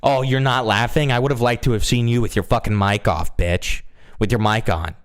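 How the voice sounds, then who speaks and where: A man hosting casual reaction commentary, crude and sarcastic, swearing constantly and dropping into low mumbled asides. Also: fairly even intonation, normal speed, clean tone. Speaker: commentary host.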